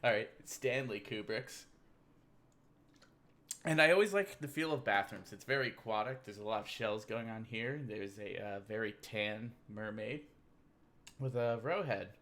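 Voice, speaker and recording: A man hosting a loose, rambling livestream, cracking jokes as he goes through memes with a beer in hand. His voice is bright and sharp, with a chatty and offhand delivery. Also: on the low side, unhurried. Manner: rambling, joking, drinking beer. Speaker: livestream host. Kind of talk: casual livestream meme commentary.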